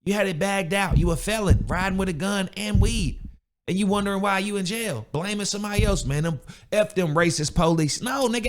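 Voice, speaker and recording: A man hosting a podcast, giving a casual motivational rant in a blunt, preachy, slangy way, repeating himself and acting out other people in quoted voices. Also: high-pitched. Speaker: podcast host.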